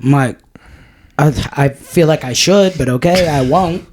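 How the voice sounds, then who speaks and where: A man's voice: on the high side, unhurried, darkish tone, slight background noise. A man, co-hosting a podcast in casual chat and telling profane stories. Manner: profane, storytelling. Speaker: podcast co-host.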